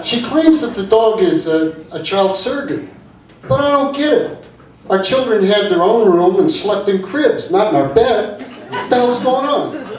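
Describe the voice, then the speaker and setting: A man's voice: high-pitched, animated, moderate pace, slight background noise. An older man performing stand-up, with chatty asides that prod the audience. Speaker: stand-up comedy student. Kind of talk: stand-up routine. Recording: echoey room from a distance, audience.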